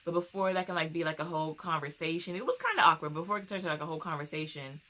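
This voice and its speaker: A young woman hosting a casual TV recap, animated and quick to laugh as she acts out scenes. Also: low-pitched. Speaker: recap show host.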